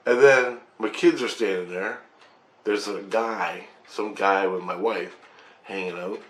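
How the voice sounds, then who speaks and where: A man telling a personal spiritual story in a rambling, excited way, swearing often and restarting his sentences. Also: lowish voice, a little slow, reverberant. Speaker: vlogger recounting a spiritual experience.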